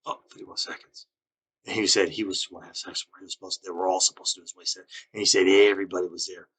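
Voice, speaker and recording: Low, bright-toned husky man. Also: level tone. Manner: halting, accusatory, frequent restarts. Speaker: vlogger. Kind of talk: rambling spoken monologue.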